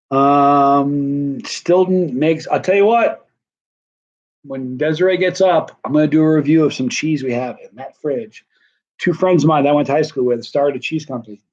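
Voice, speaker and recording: A man's voice: medium pitch, a little mellow, muffled recording. A middle-aged man chatting casually on a live stream, rambling and self-deprecating, worn out and wired at once. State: tired and wired. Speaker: vlogger answering live chat.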